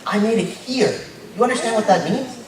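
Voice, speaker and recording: A young man giving a casual, joking sermon as a lay preacher, tagging his points with quick asides. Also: high voice. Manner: informal and joking, tags lines with "right?". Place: church hall. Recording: very echoey church hall, mic far off. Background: congregation noise.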